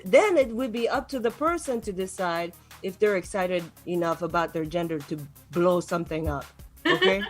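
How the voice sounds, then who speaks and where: A young adult woman doing a stand-up set online, ranting and laughing at her own jokes. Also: medium pitch. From Los Angeles. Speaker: stand-up comedian.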